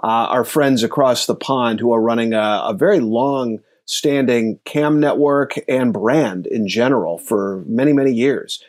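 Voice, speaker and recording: A man's voice: medium pitch, a little slow, hardly any pauses, darkish tone. A man hosting a podcast, asking loose, rambling questions and joking at his own expense. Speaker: podcast host. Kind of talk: casual podcast chat.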